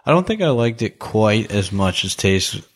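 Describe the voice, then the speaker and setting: A man's voice: lowish voice, sing-song, normal speed. A young man chatting casually about a movie he watched, rambling with lots of fillers, restarts and laughs. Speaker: podcast co-host reviewing a movie. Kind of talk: casual chat.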